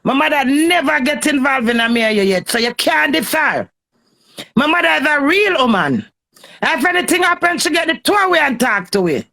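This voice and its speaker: A woman's voice: high-pitched, very animated, normal speed, gravelly, sharp tone. A Jamaican woman in a heated, cursing, confrontational rant on a phone live stream.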